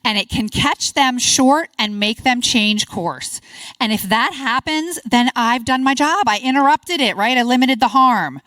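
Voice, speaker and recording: A middle-aged woman presenting at a conference workshop, upbeat and encouraging, quick to praise the audience's answers. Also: fairly high pitch, fairly bright tone, dry recording. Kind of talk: interactive workshop talk.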